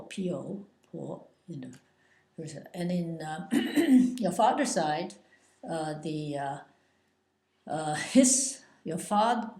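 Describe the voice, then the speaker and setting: An older woman explains Chinese words at an unhurried pace, pausing often with drawn-out fillers. Her low voice is gravelly and mellow, and it echoes in a bare room. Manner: hesitant, many drawn-out uh fillers. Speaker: Chinese language teacher. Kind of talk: slow explanatory lesson.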